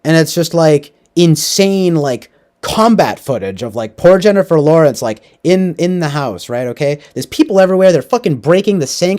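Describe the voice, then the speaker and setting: A man's voice: on the high side, brisk. A young man casually recapping a movie, rambling with lots of fillers. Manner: rambling, filler-heavy, animated. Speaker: podcast host.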